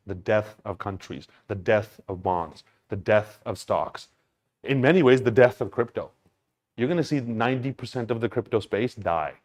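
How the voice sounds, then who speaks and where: Brief: intense man lecturing on markets, swears freely, voice climbs to near-shouts. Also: lowish voice. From Canada. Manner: emphatic, profane, rising to near-shouts. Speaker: crypto speaker. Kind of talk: animated talk to an audience.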